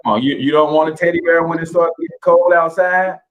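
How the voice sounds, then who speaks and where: A man's voice: on the high side, fairly even intonation. Joking St. Louis man, muffled audio. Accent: St. Louis, Midwestern US. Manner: teasing, joking, halting with fillers. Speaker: host. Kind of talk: casual chat.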